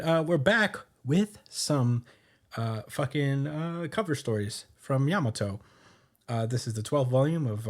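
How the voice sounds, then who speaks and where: A man's voice: mid-range voice, a little mellow. Rambling male podcast host, lots of fillers. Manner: rambling, filler-heavy, laughs often. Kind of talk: casual chat recapping a comic chapter.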